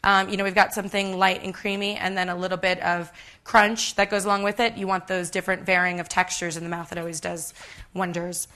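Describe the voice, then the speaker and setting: A woman's voice: lowish voice, flat delivery, fairly quick, pushed and bright. A woman in her thirties giving a live cooking demonstration on a conference stage, chatty and self-deprecating with many ums. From United States.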